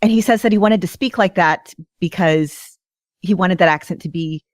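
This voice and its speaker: A woman co-hosting a fan podcast, chatting in an animated, enthusiastic way. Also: on the low side, moderate pace, dry recording, clean studio sound. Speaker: podcast co-host. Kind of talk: casual podcast chat.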